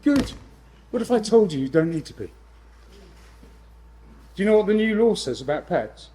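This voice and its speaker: A man presenting to a room of landlords, lively and jokey with exasperated asides. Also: high-pitched, a little slow, slight background noise, low-quality recording. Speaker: letting agent speaking at a landlord event. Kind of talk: live seminar presentation.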